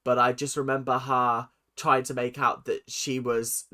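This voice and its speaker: A man's voice: medium pitch, little pitch movement, a little slow, sharp tone. A British man chatting casually as he reacts to a show, laughing and mimicking lines he hears. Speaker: reaction video host.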